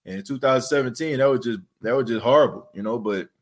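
A man's voice: mid-range voice, fast talker. Rambling New man talking sports. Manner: rambling, lots of fillers and repeats. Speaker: podcast host. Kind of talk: casual sports talk.

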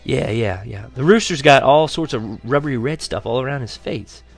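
Cocky teen buddy, a man pitching up. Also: lively intonation, moderate pace, vocal fry, soft background music. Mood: teasing. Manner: high, offhand, teasing. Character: cocky teenage boy, best friend.

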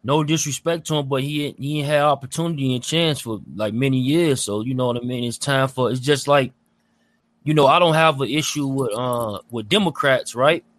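A man in casual chat with a mid-range voice. He speaks in a relaxed, easygoing way and often agrees with short replies. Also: medium pitch, moderate pace, no room sound.

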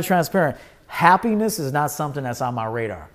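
A podcast host with a medium-pitched, fairly bright voice speaks at a normal pace and sounds very animated. On his own livestream he delivers a casual, blunt, emphatic monologue, cursing and repeating himself for force.

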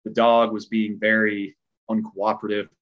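A man working as a stunt performer tells a long story in casual chat, animated and rambling, with a twang in his speech. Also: fairly low pitch, normal speed, highs cut off. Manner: animated, rambling, heavy filler words.

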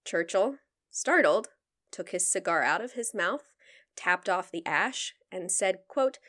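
A woman's voice: lowish voice, animated, unhurried, fairly bright tone. A young adult woman co-hosting a podcast, reading out researched history in a casual way and breaking into playful asides and laughter. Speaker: podcast co-host telling the story.

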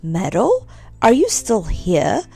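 A woman's voice: medium pitch, wildly swooping pitch, slow, gravelly, dark tone, husky, faint music behind, exaggerated voice. A woman voicing a prim, fussy middle-aged housewife in a storybook reading. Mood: cross.

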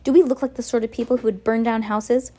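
A woman reading aloud and voicing a vain, fashion-obsessed villainess who gushes flattery. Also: fairly high pitch, quick pace, voice pushed up, lightly acted. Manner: gushing, flattering.

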